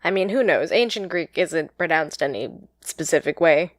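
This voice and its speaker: A woman co-hosting a podcast, chatting casually about a book, quick to laugh and often stopping to correct herself. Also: sits low, expressive, no echo, clean studio sound. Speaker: podcast co-host. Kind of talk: casual book-discussion chat.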